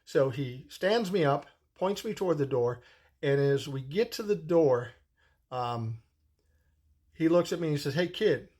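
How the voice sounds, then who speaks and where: A man's voice: fairly high pitch, lively intonation, measured pace, darkish tone. A man in his sixties telling a personal story in a casual, rambling way, swearing freely as he goes. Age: 60s. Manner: profane, rambling, conversational.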